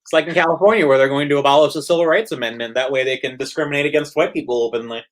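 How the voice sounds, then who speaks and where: A man's voice: on the high side, very fast. A man hosting a casual livestream chat while drinking, rambling with stammered restarts. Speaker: stream host.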